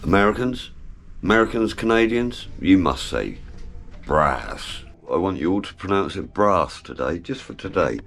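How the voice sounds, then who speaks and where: A man's voice: low voice, lively intonation, normal speed, creaky, a bit bright. A man chatting casually as he works in his workshop, explaining each step with the odd joke. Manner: chatty, jokey, explains while working. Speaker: car builder vlogger. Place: home workshop.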